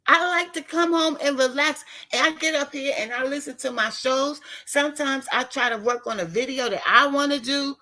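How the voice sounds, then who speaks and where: A woman's voice: high voice, normal speed, few pauses, sharp tone. A woman in her fifties ranting bluntly to her viewers in a casual, profane monologue. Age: 50s. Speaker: vlogger talking to her live viewers.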